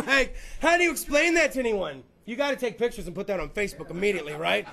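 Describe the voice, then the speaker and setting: A man's voice: extremely high pitch, animated, quick pace, gravelly, few pauses, fairly bright tone. A man hosting a podcast, rambling through a crude, profane, jokey comedic rant. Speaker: podcast host.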